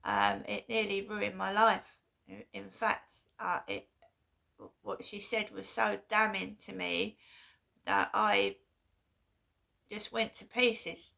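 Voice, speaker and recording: A woman vlogging in a casual monologue, halting and repeating herself with an aggrieved tone. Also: mid-range voice, level tone, gravelly, sharp tone.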